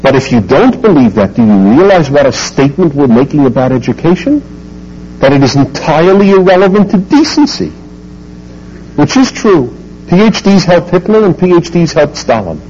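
A man's voice: on the high side, sing-song, moderate pace, mellow, muffled recording, slight background noise. A man giving an emphatic talk to a live audience, full of rhetorical questions. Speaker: speaker lecturing an audience.

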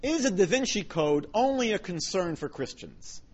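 A man's voice: high-pitched, big pitch swings, normal speed, slightly rough, muffled recording. A man giving a public lecture on religion, emphatic, with wry asides.

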